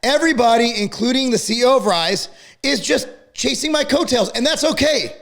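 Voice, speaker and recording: A middle-aged man ranting to camera about a feud, angry, profane and worked up to the point of yelling. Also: very high voice, animated, fairly quick, creaky. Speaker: fitness company owner and channel host.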